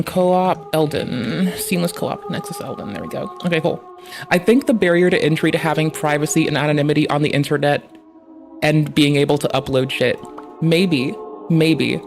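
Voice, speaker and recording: Young male streamer, fairly high voice, heated and foul-mouthed at his desk, faint music behind. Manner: heavily profane, heated. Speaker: livestreamer. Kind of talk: ranting stream commentary.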